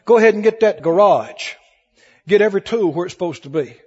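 A man's voice: high-pitched, lively intonation, brisk, darkish tone, breathy edge. A man preaching a sermon to a congregation, emphatic and calling for responses. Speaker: pastor. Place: church hall with congregation. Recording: lo-fi recording in a reverberant hall.

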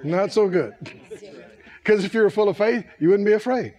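An older man preaching a sermon, animated and playful, often laughing at his own points. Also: high-pitched, measured pace, some chatter behind. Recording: hall reverb.

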